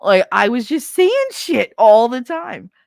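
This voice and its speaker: A woman streamer chatting casually, telling rambling, animated stories, swearing freely and laughing often. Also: fairly high pitch, a little slow, creaky, dry recording, clean studio sound. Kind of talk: casual storytelling chat. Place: home streaming setup.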